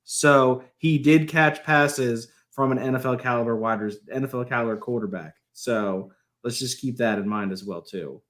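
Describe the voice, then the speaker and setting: A man's voice: medium pitch, normal speed, a bit bright. A man co-hosting a casual podcast, joking around with lots of hesitant fillers. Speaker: podcast co-host.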